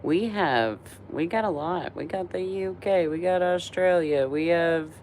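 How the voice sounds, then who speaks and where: A woman's voice: lowish voice, measured pace, darkish tone, slight background noise. A tired woman in her forties hosting a casual live stream, chatty and rambling, laughing often between thoughts. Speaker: livestream host.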